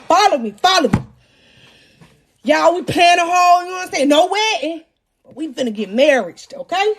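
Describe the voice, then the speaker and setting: A young woman hosts a live show with a high, bright voice. She tells her story in slangy, lively talk and keeps turning to the crowd to pull them in. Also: moderate pace. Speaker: podcast host.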